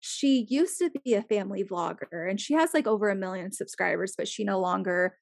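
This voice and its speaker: A woman's voice: medium pitch, brisk, gravelly, no room sound, studio quality. A woman chatting casually as a podcast co-host, full of "like" fillers and blunt swearing. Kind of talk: casual chat.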